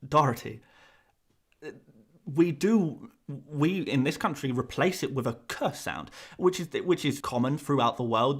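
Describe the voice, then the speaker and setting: A man's voice: mid-range voice, a bit bright. An English man streaming live, rambling and self-conscious as he answers viewers, laughing often between restarts. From England. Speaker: fantasy football streamer.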